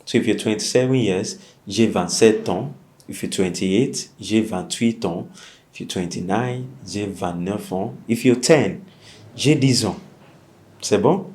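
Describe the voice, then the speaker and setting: A man teaching a French lesson, speaking slowly and repeating each phrase for learners. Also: on the low side, darkish tone. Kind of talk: language lesson.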